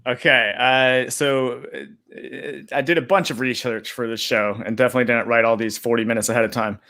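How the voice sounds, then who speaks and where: A man telling long-winded pun setups with filler pauses, in casual comic banter over a video call. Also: medium pitch, steady tone, sharp tone. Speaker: pun contestant. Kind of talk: comic storytelling.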